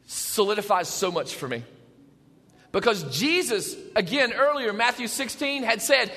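Male pastor, high bright voice, animated sermon delivery, reverberant church. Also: moderate pace. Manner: animated, shifts between hushed and shouting. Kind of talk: Easter sermon. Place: church sanctuary.

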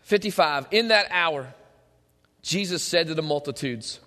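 A man preaching a sermon, animated and joking, at times building up to shouting. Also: a little high, a little slow. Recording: long hall reverb.

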